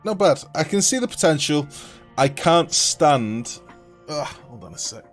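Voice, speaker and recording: A man's voice: mid-range voice, unhurried, faint music behind. Sweary male game streamer. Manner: blunt, sweary, rambling. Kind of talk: casual live-stream chat.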